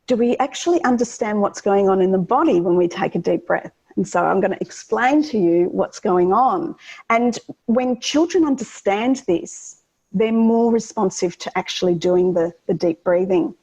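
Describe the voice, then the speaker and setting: Earnest woman explaining children's calming techniques. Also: medium pitch, normal speed, slightly rough, poor audio. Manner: earnest and explanatory, with frequent ums and restarts. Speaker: guest educator on children's wellbeing. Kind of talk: explanatory interview answer.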